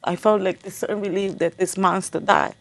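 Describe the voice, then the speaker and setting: A middle-aged woman giving a personal account as an interview guest, halting and repeating words as she remembers. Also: medium pitch, fairly even intonation, dry recording.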